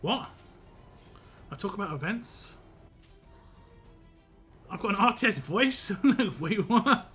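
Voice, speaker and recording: A man's voice: high-pitched, lively intonation, slow, long pauses, sharp tone, faint music behind. A young man streaming a game live, chatting casually with viewers, rambling and laughing often.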